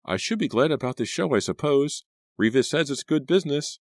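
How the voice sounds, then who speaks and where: A man voicing a frightened teenage girl in an audiobook, pushing his voice high and strained, close to tears. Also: expressive, brisk, no echo, lightly acted. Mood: uneasy. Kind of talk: audiobook character voice.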